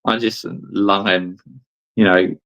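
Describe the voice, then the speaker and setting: A man chatting casually about a football match as a co-host, giving measured, laid-back opinions. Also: low voice, flat delivery, fairly bright tone, lo-fi sound.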